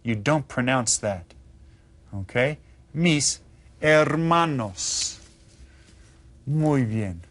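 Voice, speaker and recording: Male teacher for a kids' language lesson: unhurried, encouraging, spells out each word slowly. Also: mid-range voice, lively intonation. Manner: upbeat, coaxing, repeats words slowly for pupils. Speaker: Spanish teacher. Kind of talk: scripted children's language lesson.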